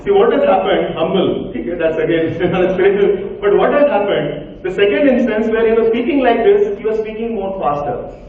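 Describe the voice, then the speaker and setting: A high-pitched man with an Indian English accent talks fairly quickly with few pauses, leading an interactive workshop and giving volunteers short commands. He's far from the mic in a large, echoey hall with an audience, and the sound is tinny.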